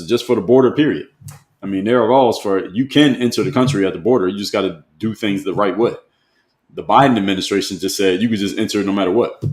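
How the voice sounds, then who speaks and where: A man hosting a live stream, reading viewer comments aloud and answering them in a conversational way, often repeating rhetorical questions. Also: on the low side. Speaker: host. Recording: roomy echo.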